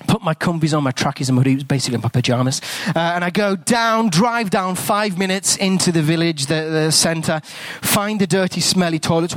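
Heard without echo, a man with a fairly high voice is a guest priest telling a story in his sermon. He plays out the dialogue with animation, growing hushed during the tender moments.

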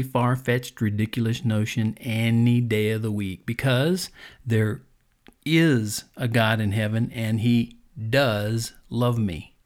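A man's voice: medium pitch, darkish tone. Earnest man hosting a faith podcast. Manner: earnest, conversational preaching with fillers. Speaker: podcast host. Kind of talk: devotional podcast monologue.

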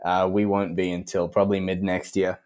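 A young Australian man from Western Australia, a copywriter chatting as a podcast guest, animated and jumping up in pitch when he quotes people. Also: fairly quick. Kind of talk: casual interview chat.

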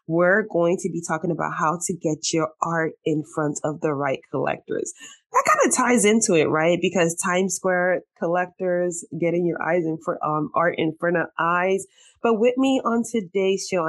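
A woman hosting a podcast, chatting casually with a guest, bubbly and quick to laugh, sometimes getting emotional. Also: lowish voice, animated. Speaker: podcast host. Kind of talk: casual interview chat.

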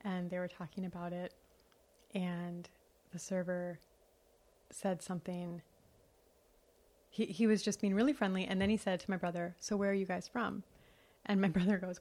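A woman's voice: lowish voice, flat delivery, normal speed, long pauses, darkish tone. A woman from Wisconsin, a podcast guest, chatting casually and telling anecdotes with easy laughter. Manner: storytelling, laughs easily. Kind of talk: casual chat. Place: office.

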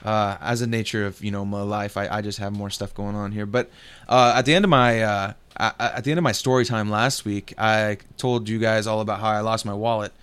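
Young guy co-hosting a gaming podcast, smooth resonant voice, chill rambling stories, lots of cussing and laughing. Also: on the low side, fairly even intonation, fairly quick, a bit bright. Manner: laid-back storytelling, swears freely, laughs often. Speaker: podcast co-host. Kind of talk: casual gaming podcast chat.

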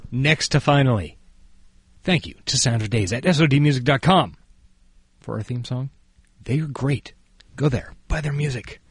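A man's voice: mid-range voice, normal speed, pauses often, breathy edge, no room sound. A man co-hosting a casual podcast and reading listener mail with dry jokes. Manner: dry, joking, lively. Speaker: podcast co-host.

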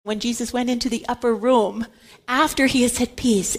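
A woman's voice: fairly high pitch, fairly even intonation, normal speed, breathy edge. A woman giving a Catholic Bible teaching talk, emphatic and repeating words for stress.

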